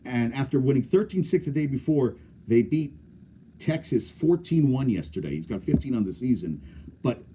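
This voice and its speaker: A man's voice: mid-range voice, animated, normal speed, mellow. A man hosting a sports podcast, talking casually in a blunt, opinionated, rambling way.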